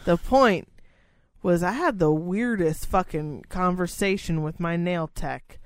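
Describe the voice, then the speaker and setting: A woman's voice: lowish voice, measured pace, dry recording. A woman co-hosting a casual podcast chat, telling a long story in a rambling, profane way. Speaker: podcast co-host.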